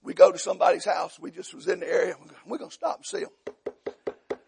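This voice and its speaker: A man preaching a sermon, telling folksy humorous stories and acting out voices, rising to loud shouts. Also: sits high, big pitch swings, a little fast, noisy background. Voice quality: gravelly, husky. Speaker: pastor.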